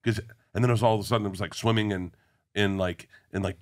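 Lowish guy comedian rattling off stories fast, doing little voices for people. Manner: animated storyteller, acts out quoted voices. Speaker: guest comedian. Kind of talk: storytelling in casual interview.

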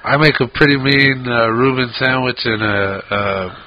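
A man co-hosts a podcast in a mid-range voice at a measured pace, swearing freely as he tells rambling stories in casual chat. The audio is dull and lo-fi.

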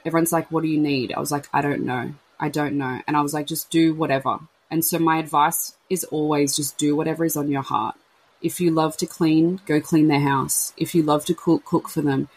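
A woman's voice: low-pitched, steady tone, normal speed, slightly rough, rough recording. A woman talks candidly about baby loss, rambling and acting out what her friends said. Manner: emotional, rambling, acts out quoted friends. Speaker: podcast host sharing her baby loss. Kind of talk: candid casual chat.

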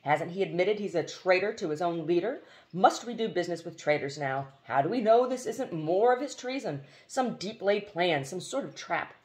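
A woman's voice: lowish voice, lively intonation, normal speed, darkish tone, close to an everyday voice. A woman voicing a stubborn, lovesick young prince who pleads and protests dramatically in a storybook reading. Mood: suspicious.

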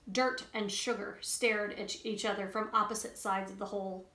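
A woman reading a children's book aloud in an expressive way to young listeners. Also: medium pitch, normal speed, hardly any pauses. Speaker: storybook reader. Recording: roomy echo.

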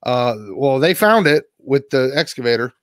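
A man's voice: mid-range voice, normal speed, no echo. Guy on a podcast ranting a story, cusses nonstop, dry close sound. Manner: swears constantly, animated retelling. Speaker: podcast co-host. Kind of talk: casual profane storytelling.

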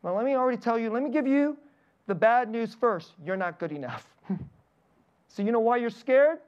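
A man's voice: very high-pitched, lively intonation, moderate pace, darkish tone, smooth, highs cut off. A man in his thirties, a pastor, preaching a sermon and telling personal stories, often laughing lightly between lines. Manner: personal storytelling with frequent laughs.

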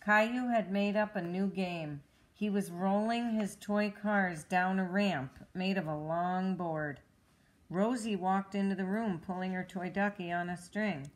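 A woman reading a children's storybook aloud at home, with clear, even, expressive narration. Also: mid-range voice, a little slow. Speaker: storybook reader.

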